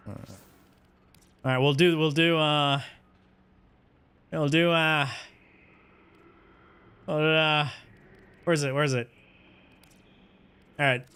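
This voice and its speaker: Male streamer, casual and self-mocking, slightly high, smooth voice. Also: sharp tone. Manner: rambling, self-mocking, talks to chat. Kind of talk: casual game livestream chat.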